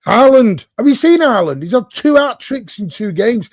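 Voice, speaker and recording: A man on a live podcast panel, bantering loudly and teasing his co-hosts. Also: extremely high pitch, sing-song, moderate pace, no echo, studio quality. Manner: loud, teasing, sweary. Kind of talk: casual banter.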